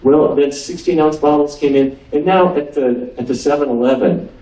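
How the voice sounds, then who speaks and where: A man with a slightly high yet dark-toned voice speaks at a moderate pace, giving a humorous nutrition lecture as a physician. He's from North Dakota, quizzes the audience, and is heard from a distance in the roomy hall of a cruise ship lecture room.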